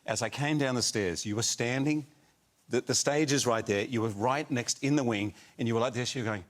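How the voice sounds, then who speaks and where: A man, a talk show guest, telling an animated backstage anecdote. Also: medium pitch, brisk. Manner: warm storyteller, animated retelling. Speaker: actor guest. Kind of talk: casual chat, anecdote.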